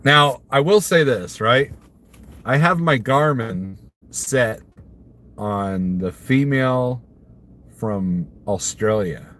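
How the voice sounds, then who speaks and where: A man's voice: medium pitch, lively intonation, takes it slowly, pauses often, fairly bright tone. A man from Missouri, a trucker hosting a casual live stream, rambling and answering viewer comments while chuckling at his own jokes. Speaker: trucker livestreamer.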